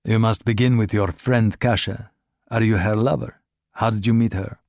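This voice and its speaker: A man voicing an obsequious, educated male agent who talks smoothly and persuasively, pressing with questions. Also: on the low side, steady tone, normal speed, darkish tone, dry recording, clean studio sound.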